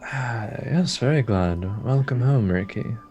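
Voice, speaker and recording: A man playing a character in a tabletop game, slow and measured. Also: mid-range voice, lively intonation, a little mellow, lo-fi sound, a little hiss or hum. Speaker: player. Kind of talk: in-character tabletop role-play.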